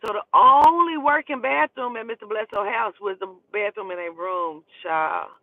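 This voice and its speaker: A man from Oklahoma telling animated, profane stories in a casual way, often calling the listener "child". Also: high voice, moderate pace, dry recording. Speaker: storyteller. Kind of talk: casual storytelling. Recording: dry tinny phone-like sound.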